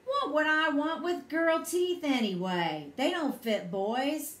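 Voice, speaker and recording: A woman voicing an ornery farm boy who speaks calmly and matter-of-factly. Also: high voice, takes it slowly, heavily acted. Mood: smug. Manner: calm, matter-of-fact. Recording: echoey room.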